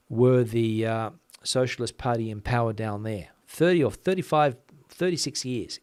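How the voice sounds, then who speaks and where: A man from Western Australia with a softened Australian accent, hosting a casual chat, reading out viewer comments and talking quickly with lots of fillers. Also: medium pitch, clear, resonant tone, no room sound, clean studio sound. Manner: chatty, many fillers, talks fast. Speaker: channel host.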